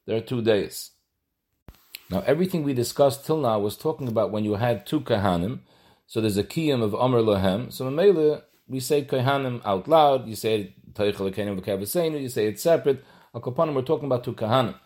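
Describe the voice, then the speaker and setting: A Torah teacher gives a halachic lesson, explaining it step by step and mixing Hebrew and Yiddish terms into his English. His voice is mid-range with a darkish tone, and he speaks a little fast.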